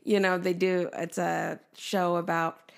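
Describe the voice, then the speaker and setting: A woman guest on a podcast speaks with a strongly gravelly, fry-filled voice that sits slightly low. She talks candidly and reflectively in relaxed conversation. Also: a little slow. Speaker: podcast guest, gingerbread baker.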